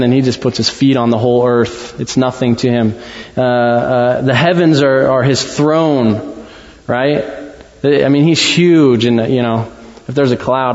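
A man preaching a sermon in a church, talking in a conversational, halting way with many restarts. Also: mid-range voice, darkish tone. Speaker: pastor. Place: church sanctuary. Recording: dull sound in a long-echo hall.

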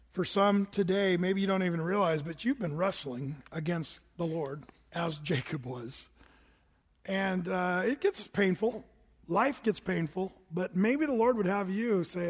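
High-voiced pastor preaching in a reverberant hall. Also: male voice, moderate pace. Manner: animated storytelling, rising to shouts at the climax. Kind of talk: sermon. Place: church sanctuary.

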